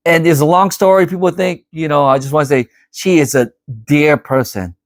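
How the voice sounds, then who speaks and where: Middle-aged man, vlogger, casual storytelling; animated and rambling, fairly high voice, dry close sound. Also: brisk, no echo. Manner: animated, rambling, repeats himself.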